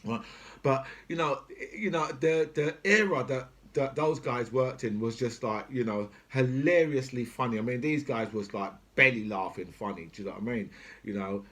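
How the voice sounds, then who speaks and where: A man's voice: medium pitch, moderate pace, a bit bright. Guy in his 40s-ish ranting, swears a ton, keeps saying right? and you know what i mean. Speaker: political commentator. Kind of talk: unscripted rant.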